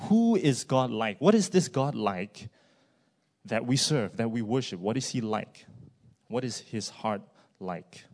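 A man's voice: medium pitch, animated, unhurried, darkish tone. Casual male preacher. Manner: conversational, often adds "right?" and fillers. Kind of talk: sermon. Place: church.

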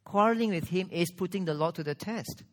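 A man preaching a sermon, earnest, with strong pauses and rising emphasis. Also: sits high. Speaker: pastor.

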